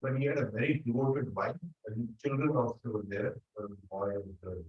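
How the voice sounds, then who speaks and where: A man, a monk telling a devotional story in an unhurried sermon and acting out the quoted voices. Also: medium pitch. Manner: unhurried, acts out quoted voices, non-native grammar. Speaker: monk giving a talk. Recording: roomy echo, dull lo-fi sound.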